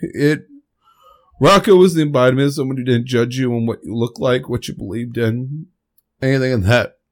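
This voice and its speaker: A man hosting a podcast, giving a halting, emotional spoken tribute while fighting back tears. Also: mid-range voice. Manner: halting, rambling, with restarts. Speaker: podcast host.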